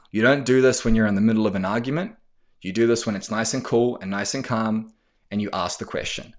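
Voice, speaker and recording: Blunt, low-voiced male coach. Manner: direct, blunt, swears freely, acts out sample lines. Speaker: podcast host and men's coach. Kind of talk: casual instructional talk.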